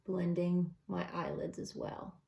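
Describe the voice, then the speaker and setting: A woman's voice: fairly low pitch, monotone, measured pace, gravelly, lo-fi sound. A middle-aged woman talking through a makeup tutorial step by step in a casual, chatty way. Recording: echoey room.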